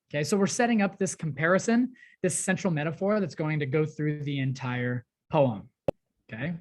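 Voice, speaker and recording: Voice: medium pitch, normal speed, darkish tone. A teacher recording an online class lesson, explaining a poem step by step with frequent "um" and "right?" checks. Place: home or classroom at a desk, working on a tablet.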